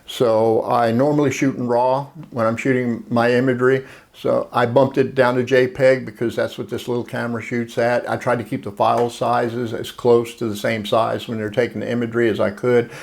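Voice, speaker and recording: A man hosts a casual camera review vlog. His voice is mid-pitched with a gravelly edge. He explains plainly and unhurriedly, often restarting his sentences. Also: level tone, normal speed, darkish tone. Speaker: photography video host.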